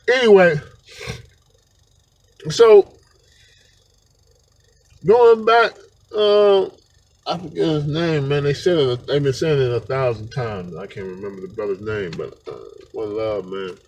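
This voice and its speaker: Talking to camera without a script, a vlogger rambles in slangy speech and frequently dissolves into laughter. His mid-range voice is a little mellow and slow, with frequent pauses and the highs cut off.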